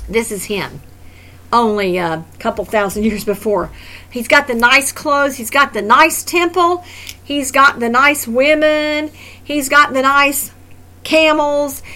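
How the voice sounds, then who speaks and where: A woman teaching a Bible study in a lively, conversational way, full of opinionated asides and quick explanations. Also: high voice, slight background noise, low-quality recording.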